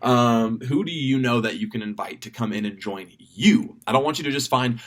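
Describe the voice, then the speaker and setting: A man leading children's ministry, briefing volunteers in a relaxed, chatty, self-deprecating way. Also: mid-range voice, moderate pace. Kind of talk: casual volunteer training briefing.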